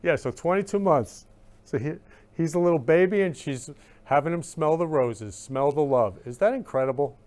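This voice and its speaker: A man's voice: on the high side, lively intonation, moderate pace, darkish tone. A male talk-show host in live-stream chat, effusive and emotional, repeating loving greetings over and over. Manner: emotional, gushing.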